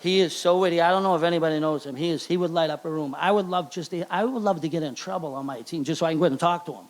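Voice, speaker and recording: Speaking with a slightly high voice, a middle-aged Charlestown man with a Boston accent accepts a hall of fame honor at a banquet. The speech is emotional, and he stumbles and repeats himself along the way.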